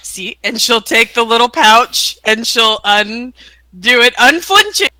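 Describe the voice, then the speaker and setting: A woman playing a tabletop game, calmly describing her character's actions. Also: fairly high pitch, measured pace, no room sound, low-quality recording. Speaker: player. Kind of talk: tabletop role-play.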